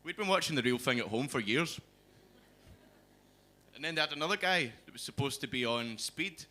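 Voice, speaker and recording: A young Scottish man doing a stand-up set in a comedy club, with a dry, deadpan delivery into a stage mic. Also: mid-range voice, moderate pace. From Scotland.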